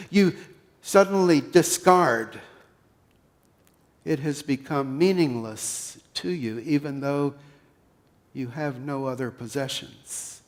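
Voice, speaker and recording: A man with a Pennsylvania accent preaching a sermon as pastor, leading listeners through a story in a slow, guided way that swells loud and then falls to a hush. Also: on the high side.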